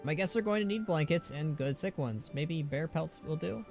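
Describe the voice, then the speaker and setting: A man's voice: a little high, moderate pace, gravelly, pitched above the performer's own voice. An overworked innkeeper pleading for help, read out with mild drama. A man voices it in a near-ordinary tone. Light game music sits behind. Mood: fretful. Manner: reading quest text aloud, lightly dramatic. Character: busy, harried innkeeper.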